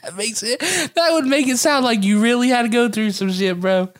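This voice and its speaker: A woman's voice: a little high, normal speed. A woman co-hosting a podcast in casual chat, crude and joking, laughing a lot. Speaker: podcast co-host.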